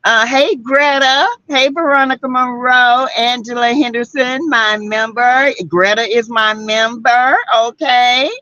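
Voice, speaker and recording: Greeting viewers by name and reading their comments, a South Carolina livestream host with a Southern accent keeps things casual and chatty. Her voice is on the high side, steady and sharp, a little slow with few pauses, and the recording has no room sound and cut-off highs.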